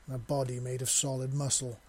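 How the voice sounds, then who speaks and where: A man voicing a devoted, affectionate young human man, talking softly in a husky voice. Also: medium pitch, flat delivery, a little fast, a little hiss or hum, natural voice. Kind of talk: audio story reading.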